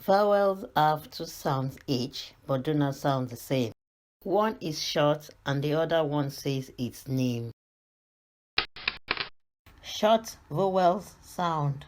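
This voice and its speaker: A woman's voice: sits low, lively intonation, slow, darkish tone. A British woman narrating a beginners' reading lesson, carefully sounding out letters and words. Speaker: reading teacher. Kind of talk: slow scripted lesson narration.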